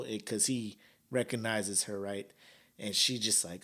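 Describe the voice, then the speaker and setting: A man's voice: fairly low pitch, measured pace. A man hosting a podcast, talking casually in slang and laughing often as he comments. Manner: laughs a lot, slangy and animated. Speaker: podcast host.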